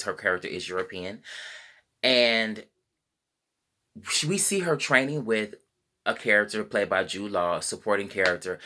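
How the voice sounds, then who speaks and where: A man's voice: on the low side, sharp tone. A man giving a casual spoken movie review, rambling with frequent fillers and self-corrections. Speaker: film reviewer.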